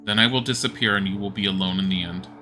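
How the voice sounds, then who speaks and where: Man doing a creepy mystery voice, cryptic warnings, bright tone, bit of music. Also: low voice, steady tone, quick pace, voice pushed down. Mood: ominous. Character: cryptic mysterious male voice, ominous.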